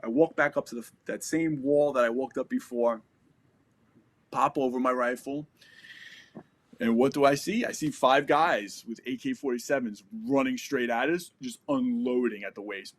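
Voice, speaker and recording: Speaking at a moderate pace in a medium-pitched voice, this American podcast guest in his forties recounts a war story. He's casual, vivid and profane, and he re-enacts the dialogue as he goes.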